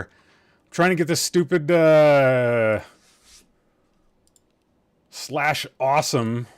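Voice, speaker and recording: A man hosts a casual gaming livestream in a mid-range voice, with no echo on the audio. He's weary and a little loopy, rambling through self-deprecating jokes and swearing now and then.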